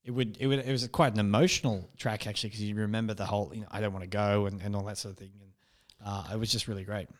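A man's voice: lowish voice, fairly even intonation, rapid-fire. A man co-hosting a casual fan podcast, laughing often and acting out quoted lines in put-on voices. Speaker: podcast co-host.

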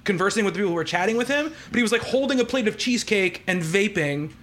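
High-voiced man rambling through a story. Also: expressive, fast talker, a bit bright. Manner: rambling storyteller, many fillers and restarts. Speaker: podcast host. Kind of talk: casual podcast chat.

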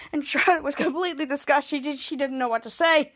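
A woman with a high voice hosts a podcast and recaps a TV episode. She rambles and restarts often, and slips into the characters' lines as she goes. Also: steady tone, fast, hardly any pauses, a bit bright. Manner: rambling retelling with many restarts, acting out lines. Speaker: podcast host.

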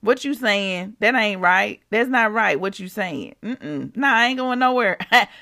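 Woman doing a defiant prophet, bright forceful voice, sassy, dismissive, repeats refusals. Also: medium pitch, expressive, a little slow, gravelly, exaggerated voice. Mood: incredulous. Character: defiant ancient male prophet, stubborn.

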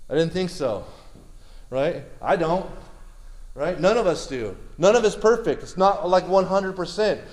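A man preaching a sermon in a lively, conversational way, repeating words and asking the crowd questions. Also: high voice, a little slow, roomy sound.

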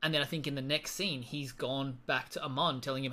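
A man's voice: on the high side, brisk, bright, forceful tone. Thoughtful man analyzing films. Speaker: podcast co-host. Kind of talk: casual film discussion.

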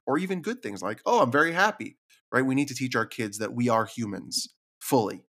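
A man's voice: medium pitch, pushed and bright. A man hosting his own podcast, talking earnestly and confidingly about his struggles, sometimes repeating words when moved. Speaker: podcast host. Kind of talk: reflective solo podcast talk.

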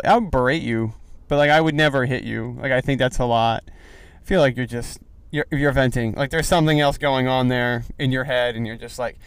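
A young man hosting a podcast, rambling casually and excitably from behind the wheel of a car. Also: medium pitch, smooth, no room sound. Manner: rambling, heavy filler "like", excitable. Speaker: podcast host. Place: in a car, driving. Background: faint vehicle noise.

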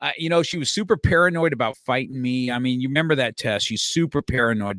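A man's voice: mid-range voice, fairly quick, fairly bright tone. A man in his fifties who runs a martial arts school talks through old memories in a loose, rambling way. He restarts his sentences and stumbles over repeated words. His voice sits mid-range, and the recording is dry with no room echo. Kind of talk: casual conversation, storytelling.

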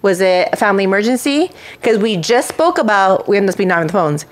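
A woman hosting a casual chat show, telling a story in an animated way, acting out quotes and swearing. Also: mid-range voice, brisk. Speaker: show host.

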